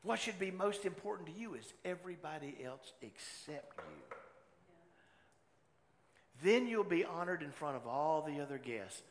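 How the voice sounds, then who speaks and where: Pastor preaching in a reverberant hall. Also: male voice, a little high, very animated, moderate pace. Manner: swings from loud exhortation to hushed storytelling. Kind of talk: sermon. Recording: long hall reverb, faint room noise.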